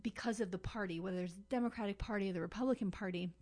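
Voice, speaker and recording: A woman's voice: mid-range voice, racing, a little mellow. A woman co-hosting a podcast, telling a story in a chatty way with lots of fillers and asides. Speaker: podcast co-host. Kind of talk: casual podcast chat.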